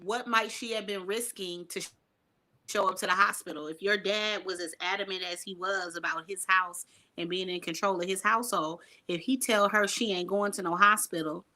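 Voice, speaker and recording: A woman talks in a casual chat with a friend, making emphatic points. Her voice is bright and forward. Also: medium pitch, fairly even intonation, moderate pace. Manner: emphatic, reasoning through points. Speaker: co-host.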